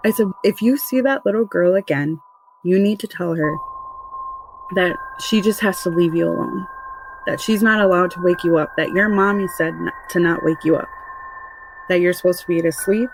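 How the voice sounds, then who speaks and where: A woman's voice: on the low side, noisy background. A woman casually recounting a frightening family experience, rambling and conversational with many restarts. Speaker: mother telling a true paranormal story. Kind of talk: casual spoken recollection.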